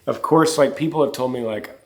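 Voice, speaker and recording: A man's voice: mid-range voice, fairly quick. A man co-hosting a casual chat, reading passages from a book aloud, earnest and easily moved. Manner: earnest, gets emotional. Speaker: co-host.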